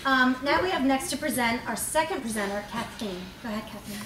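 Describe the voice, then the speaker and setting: Brisk woman moderator in an echoey room. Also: fairly high pitch, animated, noisy background. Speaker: panel moderator. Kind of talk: conference introductions.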